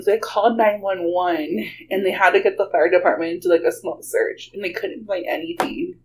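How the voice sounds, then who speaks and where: Woman guest, lilt, animated and giggly, mid pitch, light hum underneath. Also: moderate pace, rough recording. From Texas. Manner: animated, laughs often, many "like" fillers. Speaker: guest storyteller. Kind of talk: casual storytelling.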